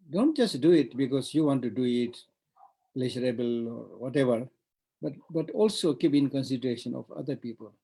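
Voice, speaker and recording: A man's voice: medium pitch, creaky, dark tone, breathy edge, rough recording. A man with a Tibetan accent giving an online Buddhist teaching, talking in a discursive way with repeated words and frequent "you know".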